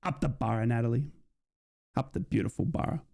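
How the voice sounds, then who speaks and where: A man's voice: mid-range voice, fairly quick, gravelly, warm tone. A man streaming a live football watch-along, chatting casually, reading out viewers' messages and often asking "do you know what I mean".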